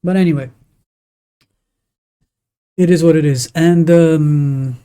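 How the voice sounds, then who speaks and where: Streamer, native Portuguese, casual gaming chat, halting restarts, opinionated, mellow dark tone. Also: mid-range voice, fairly even intonation, clean tone. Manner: rambling, halting, with many restarts. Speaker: live streamer.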